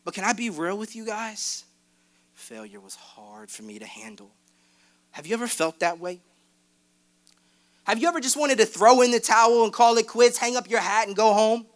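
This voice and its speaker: A man's voice: high voice, fairly quick. A young man, a youth pastor, preaching a candid sermon that builds into fervent exhortation from a church stage. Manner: candid, self-deprecating, rising to fervent exhortation.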